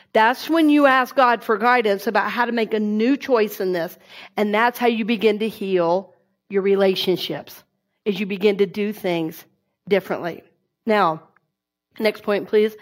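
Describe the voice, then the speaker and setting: A woman giving a conversational sermon and leading the congregation in affirmations. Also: medium pitch. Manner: warm, conversational preaching with affirmations. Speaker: minister.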